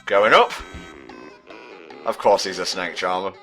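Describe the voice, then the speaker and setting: A man's voice: sits low, unhurried, bright, forceful tone, faint music behind. A British man giving casual, sardonic commentary on a game he plays, often stumbling as he hunts for words. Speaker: let's play commentator.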